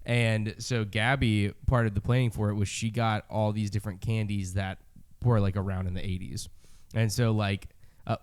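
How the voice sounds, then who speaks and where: Rambling man, clear mid-pitched voice. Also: level tone, moderate pace. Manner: rambling, restarts, laughs often. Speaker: podcast co-host. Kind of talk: casual chat.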